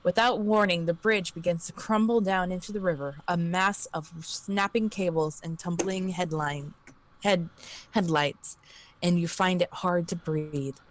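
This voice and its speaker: A woman reading an interactive story aloud on a livestream, steady with small slips. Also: lowish voice, unhurried, a little hiss or hum.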